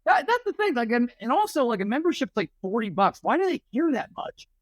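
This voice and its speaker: A man's voice: extremely high pitch, very animated, a little fast, no echo. Playful young man, dry close sound. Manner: playful riffing, acting out imagined conversations. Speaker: podcast co-host. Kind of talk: casual chat.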